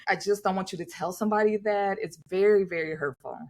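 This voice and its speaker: A woman's voice: mid-range voice, quick pace. A woman co-hosting a podcast, talking candidly and acting out what others said to her. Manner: animated, acts out others' remarks in quotes. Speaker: podcast co-host. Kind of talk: candid conversational storytelling.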